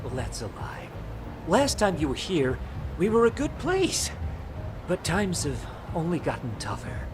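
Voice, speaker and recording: An actor playing an excitable, downtrodden middle-aged male bar manager in a video game, swinging between gushing and glum. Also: a little high, a little slow, over music.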